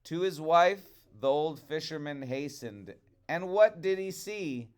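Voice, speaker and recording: A man reading a fairy tale aloud to children in a rhythmic, expressive way. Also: fairly high pitch, takes it slowly, clear, resonant tone. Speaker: storyteller.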